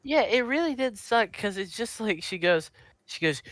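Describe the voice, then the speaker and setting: A man co-hosting a podcast in a bright, sharp voice, speaking slowly. He talks bluntly and dismissively, now and then swearing. The sound is dry. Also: sits high, sing-song, no room sound. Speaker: podcast co-host. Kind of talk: casual podcast chat.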